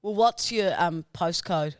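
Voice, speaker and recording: A woman's voice: on the low side, measured pace, no echo, clean studio sound. An Australian woman co-hosting a podcast, teasing and playful in casual chat. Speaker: podcast co-host.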